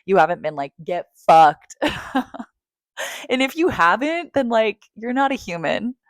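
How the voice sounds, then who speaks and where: A woman in a candid confessional monologue, emphatic and profane, swinging between hushed moments and loud outbursts. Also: fairly high pitch, big pitch swings, fairly quick, no room sound, clean studio sound. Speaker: vlogger.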